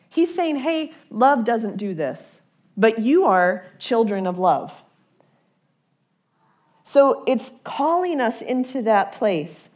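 A woman preaching a conversational sermon, often repeating words as she builds toward a point. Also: on the high side.

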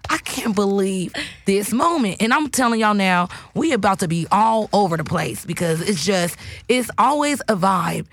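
Woman hosting a weed radio show, loud and cussing a lot, hyped up, just chatting. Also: mid-range voice, expressive, moderate pace. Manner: loud, profane, hyped, playful. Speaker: podcast host. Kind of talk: casual radio show chat.

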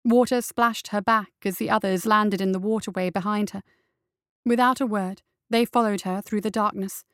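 A woman narrating a dark fantasy story in a steady, even reading voice. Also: medium pitch, moderate pace, smooth, no echo, clean studio sound. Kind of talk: audiobook narration.

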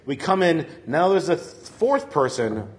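A man's voice: a little high, big pitch swings, unhurried. A man telling a rambling story to friends in casual chat, laughing often and filling with "like". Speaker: storyteller on a comedy podcast.

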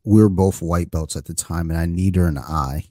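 A man's voice: low voice, brisk, no room sound. A man hosting a podcast, chatting casually and telling self-deprecating stories. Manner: relaxed, self-deprecating storyteller. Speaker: podcast host. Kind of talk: casual chat.

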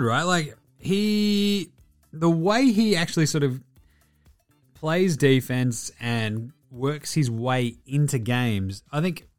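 A man hosting a casual sports talk show, swearing freely and talking in a loose, animated way. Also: mid-range voice. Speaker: podcast host.

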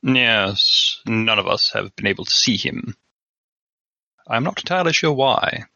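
Gravelly man with a mock-formal air. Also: mid-range voice, lively intonation, a little slow, bright, forceful tone, dry recording, dull audio. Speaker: player. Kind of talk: playing a tabletop game in character.

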